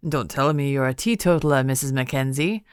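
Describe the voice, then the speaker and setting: A woman's voice: very deep voice, brisk, clean tone, dry recording, clean studio sound. A woman narrator voicing a genial older lord, jovial and welcoming. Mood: hearty. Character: genial older Scottish laird, hearty host.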